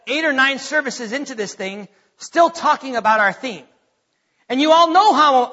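A man's voice: extremely high pitch, pushed and bright, big-room sound, lo-fi sound. A man preaching a sermon as pastor, emphatic and teacherly, stressing single words and often asking his congregation questions. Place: church sanctuary.

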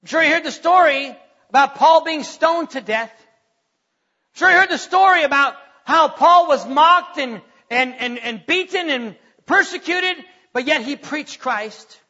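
A man's voice: very high-pitched, measured pace, pushed and bright. A man preaching a sermon as pastor, firing off emphatic rhetorical questions, often breaking into laughter. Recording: long hall reverb, dull lo-fi sound.

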